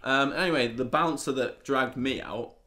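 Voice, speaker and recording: A young man, co-host of a comedy chat show, telling a lively anecdote and laughing often. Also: medium pitch, moderate pace. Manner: animated anecdote teller, laughs often, acts out quotes. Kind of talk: casual storytelling chat.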